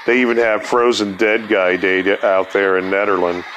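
A man, his voice sitting on the low side, rambles through a story in loose, profane podcast talk. Faint noise hums behind him. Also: little pitch movement, normal speed, fairly bright tone, lo-fi sound. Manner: laid-back, profane, laughs through story. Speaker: podcast host.

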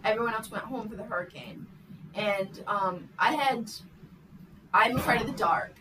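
A young woman guest on a casual podcast, telling a story hesitantly with many pauses and ums. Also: mid-range voice. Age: young adult. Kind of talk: casual chat. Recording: distant mic with noticeable background noise.

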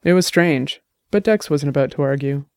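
In clean studio sound with no echo, a man with a fairly high voice narrates an audiobook. His scripted storytelling is measured and even.

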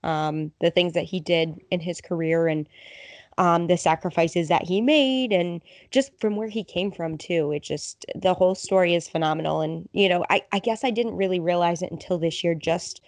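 A woman's voice: on the low side, normal speed, darkish tone, dry recording. A woman co-hosting a sports podcast, talking in an earnest, upbeat way as a fan. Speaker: podcast co-host. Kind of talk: casual sports podcast chat.

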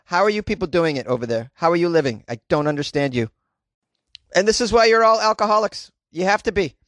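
A wisecracking man reads news items and riffs on them with sarcasm. His voice sits a little high, and he laughs at his own jokes. The recording is dry and close. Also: no echo. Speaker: comedic news commentator. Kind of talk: reading news with joking commentary.

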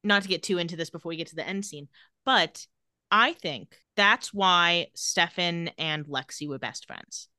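Speaking at a normal speed in a fairly low voice, a woman co-hosting a podcast casually retells a TV episode with animation, acting out what the characters say. There's no room sound, and the studio audio is clean.

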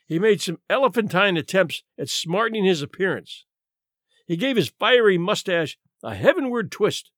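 A man reads a classic story aloud with lively, swooping theatrical delivery. His voice sits fairly high and the sound is dry and close, with no room around it. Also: moderate pace, no echo. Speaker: narrator. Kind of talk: scripted narration.

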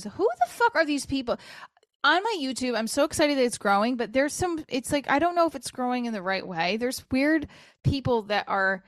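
A woman of forty hosting her own podcast, talking casually and candidly, swearing freely and jumping from one topic to the next. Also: a little high. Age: 40s. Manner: candid, profane, jumps between topics. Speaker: podcast host. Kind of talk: casual solo podcast chat.

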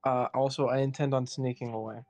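A man playing a tabletop game, talking in an animated, playful way. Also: medium pitch, fast, faint music behind. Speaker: player. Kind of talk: casual tabletop play.

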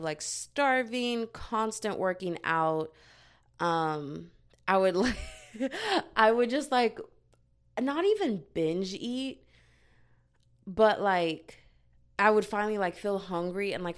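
A young woman speaks into her own mic in a loose confessional vlog. She rambles and leans on "like" constantly, then jumps in with sharp, self-mocking asides. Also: fairly low pitch, clear, resonant tone. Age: young adult. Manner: rambling, heavy use of "like", self-mocking outbursts. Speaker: vlogger. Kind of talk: casual confessional monologue. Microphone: own microphone.

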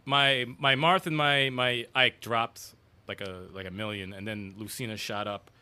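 A man in casual gaming chat, animated, swearing and laughing often. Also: fairly low pitch, measured pace, clean tone.

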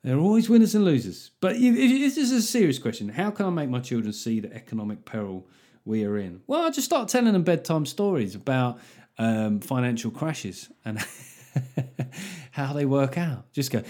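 A man's voice: medium pitch, moderate pace. A man with a British accent hosting a comedy podcast, reading listener letters in a jokey, sweary, casual way. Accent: British English. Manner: sweary, jokey, animated, laughs often. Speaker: podcast host.

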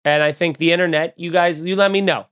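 A man's voice: fairly high pitch, steady tone, fast, a bit bright, clear, resonant tone. A man hosting a comedy podcast, chatting casually in a loose, rambling, jokey way. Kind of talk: casual podcast chat and plugs.

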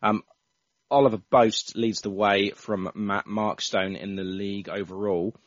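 A man's voice: fairly low pitch, steady tone, a little slow, dry recording, highs cut off. A man hosting a casual football podcast, chatting with frequent restarts. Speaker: podcast host.

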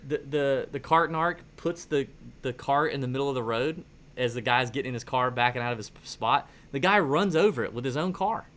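Bright-voiced, rambling male host. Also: medium pitch, brisk. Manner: rambling, animated storyteller, many restarts. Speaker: podcast host. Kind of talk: casual chat.

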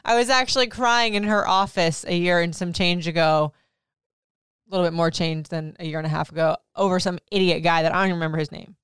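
A woman in her thirties talks candidly and with plenty of laughter. Her voice sits a little low and is very smooth and clean. It is recorded dry and close, with no room sound. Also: quick pace, dry recording. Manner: candid, laughing, lively storytelling. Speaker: podcast host. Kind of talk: casual personal chat.

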